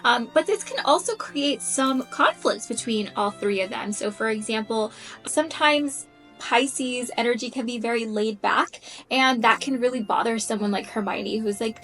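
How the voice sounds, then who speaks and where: A woman with a slightly high voice explains things in an earnest, casual way, thinking aloud as she goes and dropping the occasional "um". Soft music plays faintly behind her. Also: normal speed, low-quality recording. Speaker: astrology content creator.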